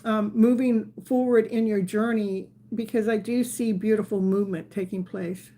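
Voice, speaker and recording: Her voice is medium-pitched, steady, and dark, moving at a moderate pace. She's a woman in her sixties hosting a live tarot stream, casually chatting over viewer comments, laughing frequently, and cooing playfully at her dog.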